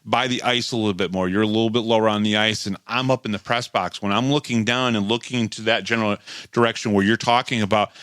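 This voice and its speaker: A man's voice: on the low side, fairly even intonation, fast, fairly bright tone, clean tone, no room sound. A man co-hosting a podcast, chatting casually and recapping hockey games from his notes, with frequent restarts. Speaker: podcast co-host. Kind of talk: casual sports talk and game recap.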